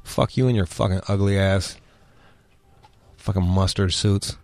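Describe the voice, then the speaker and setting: A man's voice: low voice, steady tone, a little slow, darkish tone, dry recording. Foul-mouthed man hosting a comedy show. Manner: blunt, swears constantly, riffs with mock voices. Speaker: podcast host. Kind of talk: profane comedic commentary.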